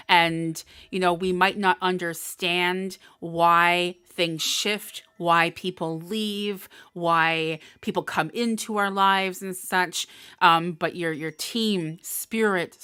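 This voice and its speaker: Lady doing a live tarot reading, talks slow, smooth voice, gets all emotional and encouraging. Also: lowish voice, sharp tone, no echo. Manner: emotional, encouraging, laughs often. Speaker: tarot reader. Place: indoors, live stream.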